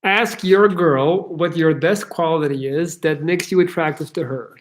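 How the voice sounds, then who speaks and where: A chatty man hosts a casual livestream Q&A, reading out viewer questions and answering them with easy jokes. His speaking voice sits a little higher than most men's. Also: a little slow. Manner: chatty and joking, laughs easily. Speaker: livestream Q&A host.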